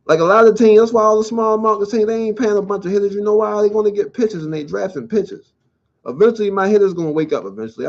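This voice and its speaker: A man's voice: high voice, a little mellow. A man hosting a solo sports talk show, blunt and profane, ranting about his team in casual slang. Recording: dull lo-fi sound.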